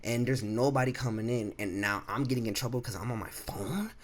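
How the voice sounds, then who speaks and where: With a mid-range voice and a brisk delivery, a young man in his twenties vlogs a casual story. He swears a lot, is animated, leans heavily on fillers and restarts, and acts out what others said.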